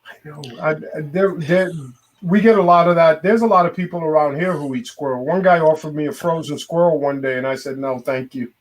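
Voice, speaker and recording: A man chatting with a friend, telling stories in an animated way and stretching words for effect. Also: a little high, fairly quick. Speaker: friend calling in. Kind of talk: casual chat.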